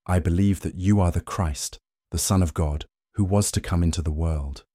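A man's voice: deep voice, normal speed, dark tone, no room sound, studio quality. Martha, a grieving faithful woman, read by a man. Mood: earnest.

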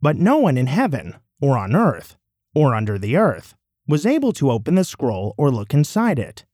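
A man giving a measured, solemn, declamatory scripture reading. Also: mid-range voice, wildly swooping pitch, a little mellow, no room sound, clean studio sound. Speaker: scripture reader.

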